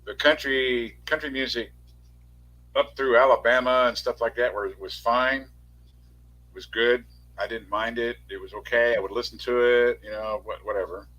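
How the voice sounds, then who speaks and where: A man's voice: medium pitch, fairly even intonation, normal speed, pushed and bright, low-quality recording. A middle-aged man in casual livestream chat, rambling and correcting himself as he talks. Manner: rambling, self-correcting storyteller.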